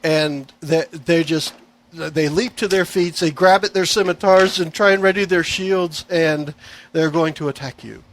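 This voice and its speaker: A man narrating as game master, relaxed and chatty with many fillers. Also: on the high side, measured pace.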